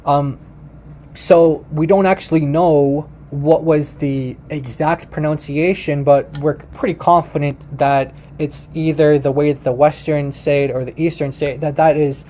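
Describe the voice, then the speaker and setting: A man's voice: a little high, steady tone, unhurried, mellow, slight background noise. A man giving casual, emphatic commentary while reacting to a video, often correcting himself and talking to his viewers.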